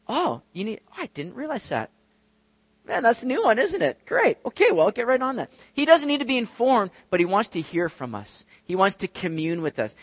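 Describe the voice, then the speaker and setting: Expressive male pastor preaching a sermon. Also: high voice, no room sound. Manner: expressive, acts out quoted voices.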